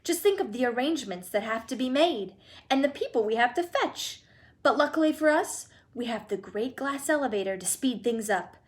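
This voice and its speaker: Excitable storybook candy-maker guy, theatrical and bouncy, woman doing the voice. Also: fairly high pitch, close to an everyday voice. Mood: delighted. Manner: gushing, theatrical, fast-shifting enthusiasm. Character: exuberant eccentric male candy-maker, grown man.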